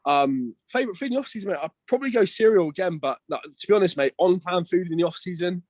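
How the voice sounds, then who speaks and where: A man's voice: high-pitched, animated, fast talker, darkish tone, no echo. A young man chatting casually as a podcast guest, slangy and swearing, calling everyone "mate" and "bro".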